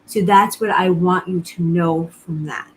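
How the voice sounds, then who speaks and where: Earnest woman medium, soft hiss behind. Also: fairly low pitch, fairly even intonation, unhurried, rough recording. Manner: earnest, reassuring, repeats phrases. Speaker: psychic medium. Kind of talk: live-streamed reading, casual talk to viewers.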